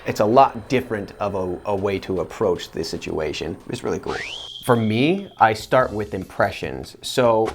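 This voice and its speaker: A man, a voice actor, answering interview questions in an earnest, animated way. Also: lowish voice, normal speed, slight background noise.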